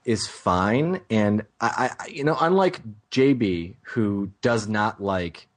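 A man co-hosting a casual movie review podcast, talking in an animated, rambling way and breaking off his own sentences. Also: fairly low pitch, slow. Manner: animated, rambling, self-interrupting. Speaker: podcast co-host.

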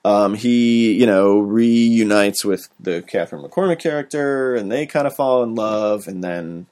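A man co-hosting a podcast, reviewing a film in a relaxed, rambling way, with many fillers. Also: lowish voice, unhurried. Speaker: podcast co-host. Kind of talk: casual movie review chat.

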